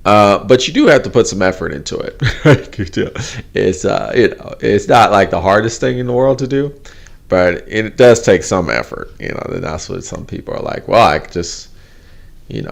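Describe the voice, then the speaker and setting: A man's voice: sits low, gravelly. A man hosting a casual live stream, talking in a laid-back, rambling way with frequent chuckles, sounding tired and a little drained. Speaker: host.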